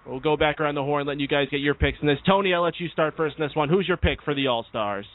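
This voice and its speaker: A man hosting a wrestling radio show, moderating the panel in a brisk, casual way. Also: on the high side. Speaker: podcast host. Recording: phone-line audio.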